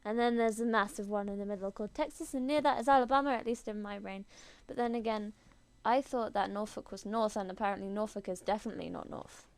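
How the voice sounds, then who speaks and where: A woman's voice: medium pitch, fast, clean tone, dry recording. A woman with an English accent chatting casually in a rambling, giggly way, recorded on a built-in computer microphone. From England. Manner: rambling and chatty, full of "like" and "you know", giggly. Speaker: video blogger sending an audio message.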